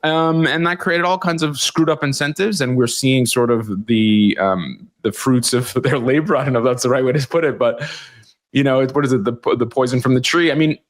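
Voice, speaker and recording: A man's voice: mid-range voice, a little fast. Blunt, rambling male interview guest. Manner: candid, blunt, swears, many hesitations and restarts. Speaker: guest commentator. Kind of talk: conversational interview.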